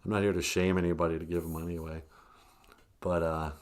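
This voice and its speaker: A man chatting casually on a live stream, rambling, chuckling often and trailing off quietly. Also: low voice, flat delivery, a little fast.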